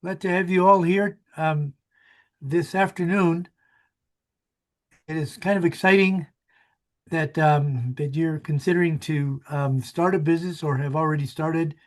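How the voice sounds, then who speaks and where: A man's voice: fairly high pitch, fairly even intonation, measured pace. A man in his sixties, a small business advisor, giving a friendly, rambling webinar presentation with many fillers.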